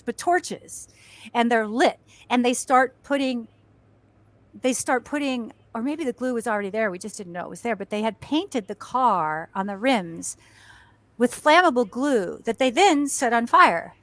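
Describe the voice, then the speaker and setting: A woman, a guest actress and stuntwoman, telling animated stories and acting out shouts and screams with frequent laughter. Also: fairly high pitch, a little slow, dry recording. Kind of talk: animated storytelling.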